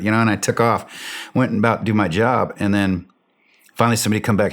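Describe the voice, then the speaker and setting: A man telling a war story in a blunt way, swearing freely and acting out the shouted radio calls. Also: on the low side, fairly even intonation, rapid-fire. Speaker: interview guest.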